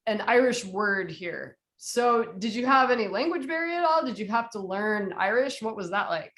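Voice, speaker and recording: A woman's voice: medium pitch, expressive, moderate pace. A woman hosting a casual interview, asking questions and laughing along with her guest. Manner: warm listener, laughs and backchannels.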